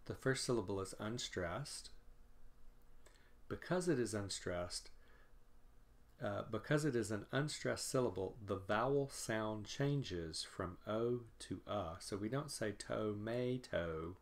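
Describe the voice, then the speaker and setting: A man teaching English pronunciation in a recorded lecture, speaking deliberately and repeating example words. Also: on the low side, lively intonation.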